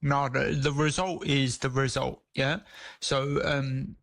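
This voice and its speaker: Gravelly man chatting on radio. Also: medium pitch, takes it slowly, no room sound. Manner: relaxed, street slang, many restarts. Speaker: radio guest, disability campaigner. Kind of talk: casual radio chat. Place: radio studio.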